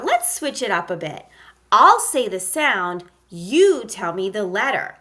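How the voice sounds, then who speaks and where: A woman teaching a phonics lesson to young children, sounding out letters and praising slowly and encouragingly. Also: mid-range voice, pushed and bright. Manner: slow, encouraging, sounds out letters with exaggerated emphasis. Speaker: kindergarten teacher.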